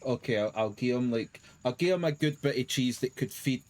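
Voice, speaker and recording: A man's voice: medium pitch, a little fast, darkish tone. A man playing a tabletop game, speaking hesitantly and politely in character. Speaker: player. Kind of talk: tabletop role-play.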